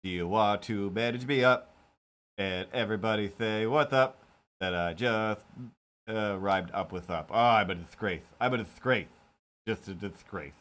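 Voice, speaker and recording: A man's voice: fairly low pitch, moderate pace, fairly bright tone, close to an everyday voice. A boastful, cheeky imaginary cat in a tiny hat, sipping wine and rhyming in a sing-song lilt, put on by a man. It shows off in a playful, self-mocking tone over a live stream.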